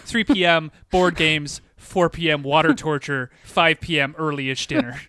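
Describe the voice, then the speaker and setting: A man banters on a podcast, spinning absurd jokes with a deadpan delivery. His voice is bright and forward, pitched a little high for a man. He builds each gag in a loose, casual way. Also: unhurried, clear, resonant tone. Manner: deadpan joking, riffs on absurd bits. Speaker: podcast co-host.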